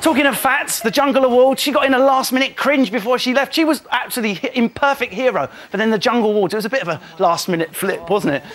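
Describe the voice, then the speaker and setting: A man with a Cockney accent doing a cheeky comic monologue on a TV panel show, riffing quickly. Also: extremely high pitch, a bit bright. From London. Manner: quick cheeky jokey delivery, mimicking people. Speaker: comedian panelist.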